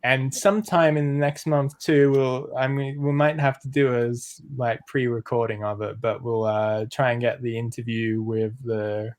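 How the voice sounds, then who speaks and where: A man's voice: medium pitch, fairly even intonation, moderate pace, hardly any pauses, darkish tone, no room sound. A man hosting a casual group podcast, talking loosely with many fillers as he steers the topics. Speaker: podcast host. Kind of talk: casual chat.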